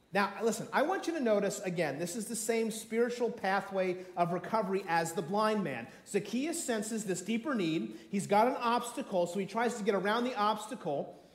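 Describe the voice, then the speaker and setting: A man preaching a sermon to a congregation, animated and acting out the story with quoted voices. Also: high voice. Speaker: pastor. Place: room with a congregation. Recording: echoey room.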